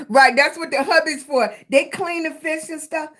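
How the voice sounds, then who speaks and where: A woman's voice: high voice, unhurried. A middle-aged woman with a Southern accent hosting a casual live stream, greeting her viewers by name with endearments and encouraging them to keep going. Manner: warm greetings to chat viewers, with terms of endearment; encouraging, motivational. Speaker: livestream host.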